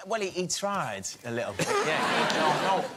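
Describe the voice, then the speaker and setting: A man with a Scouse accent, a guest telling an animated anecdote on a chat show, swearing casually. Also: on the high side, moderate pace, over a noisy crowd. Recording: loud studio audience and noise.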